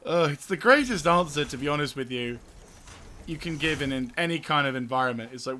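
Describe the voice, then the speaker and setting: A man's voice: medium pitch, lively intonation, brisk, pushed and bright. A man giving casual gameplay commentary, giggly and exasperated, swearing often. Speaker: gaming video host.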